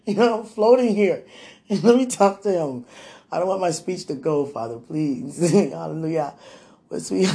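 A woman's voice: lowish voice, normal speed, a little mellow. A woman sharing a personal devotional message with a loved one, speaking fervently and prayerfully and calling out to God.

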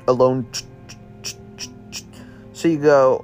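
A man's voice: medium pitch, expressive, slow pace, darkish tone, dull audio, faint music behind. A man making up a spooky story as he goes, in a meandering, offhand, slangy way. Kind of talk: improvised spooky story narration.

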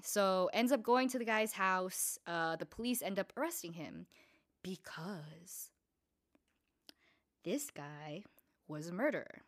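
A young woman hosting a casual storytelling podcast, chatty and profane, full of fillers, acting out the people she quotes with swings in pitch and loudness. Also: lively intonation, measured pace. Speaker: podcast host.

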